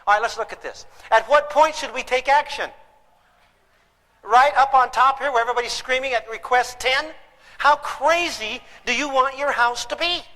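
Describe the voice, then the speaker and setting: A man giving a humorous parenting seminar, talking in an animated, theatrical way. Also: very high voice, normal speed, long reverb tail, low-quality recording. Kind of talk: humorous live seminar talk. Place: lecture hall with an audience.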